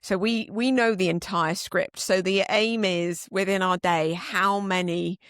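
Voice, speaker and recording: Woman, from Britain, playful, quick to laugh, dry close recording, podcast co-host. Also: mid-range voice, fairly even intonation, a bit bright, dry recording. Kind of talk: casual conversation.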